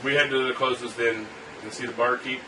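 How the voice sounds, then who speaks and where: A man's voice: mid-range voice, steady tone, fairly quick. A man joking around and swearing casually as a player in a tabletop role-playing game. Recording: echoey room, distant mic, background noise.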